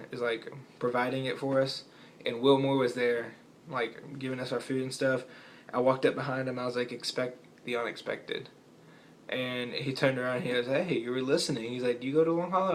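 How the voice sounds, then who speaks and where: A teenage guy tells his faith story in a loose, rambling way, retelling conversations as he goes. His pitch stays flat and level. There is a faint hiss behind him. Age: teens. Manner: rambling, retells chats with "I was like". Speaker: student sharing his faith testimony. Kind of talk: casual personal testimony.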